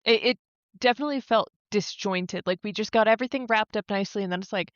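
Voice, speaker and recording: A woman's voice: medium pitch, fast talker, no room sound. A woman co-hosts a recap podcast in frank, casual chat and sometimes swears. Her mic sounds a bit dull and muffled, and the sound is dry and close. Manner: frank and casual, uses "like" and "I don't know" a lot, swears now and then. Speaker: podcast co-host.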